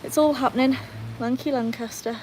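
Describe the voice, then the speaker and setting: A woman's voice: high voice, fairly even intonation, brisk, a little mellow, a little hiss or hum, poor audio. A British woman, hosting a casual livestream from home, chatting with viewers and her dogs. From Britain. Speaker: livestream host.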